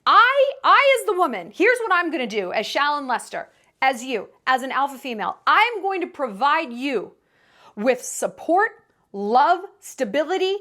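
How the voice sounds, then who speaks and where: Speaking at normal speed, this young adult woman has a high, sing-song voice with a sharp tone. She's a vlogger giving dating advice in casual to-camera commentary, delivered emphatically and dramatically, with quoted voices mixed in.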